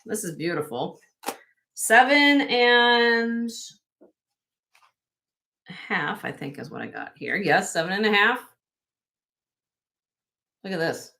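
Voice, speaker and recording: A woman's voice: mid-range voice, very animated, slow pace, gravelly, pauses often, bright, forceful tone. A woman hosting a casual live-stream jewelry sale, chatty and self-correcting, laughing often as she shows pieces to viewers.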